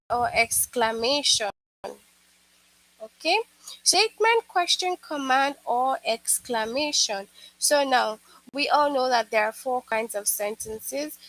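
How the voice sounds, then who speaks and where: A woman's voice: high-pitched, fairly bright tone, dry recording, rough recording. A woman teaching an online lesson to young children, patiently explaining and repeating herself, with many "okay"s and "all right"s.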